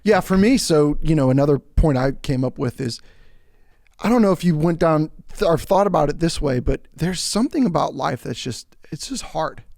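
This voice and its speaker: Co-host, male, rambling casual talker, gravelly and dry. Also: on the high side, lively intonation, moderate pace, a little mellow, dry recording. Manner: rambling, filler-heavy storytelling. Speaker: podcast co-host. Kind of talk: casual chat.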